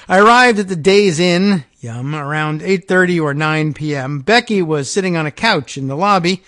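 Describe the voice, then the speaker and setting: Reading a long first-person tale to his audience, a podcast host with a fairly high voice keeps a moderate pace with few pauses. The close-miked, echo-free delivery is dry, punctuated by quiet sardonic comments before he resumes.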